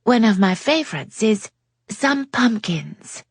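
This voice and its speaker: Worldly flirt with a French lilt, read by a woman narrator, breathy and close-miked. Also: lively intonation, no echo. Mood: teasing. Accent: put-on French. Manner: playful, drawn-out, high and lilting.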